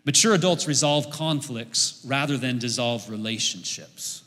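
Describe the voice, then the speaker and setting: A man in his forties preaching a sermon as pastor, lively and joking, leading the congregation in repeated lines. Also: medium pitch, a little slow. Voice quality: bright, lively preaching voice with humor. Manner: leads the congregation in repeating lines, jokes and laughs. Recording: echoey hall with long reverb.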